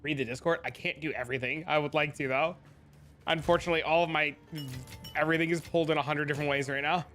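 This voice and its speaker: A man streaming a video game, rambling and thinking out loud as he talks through builds. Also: on the high side, steady tone, fast, faint music behind. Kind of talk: casual gameplay commentary.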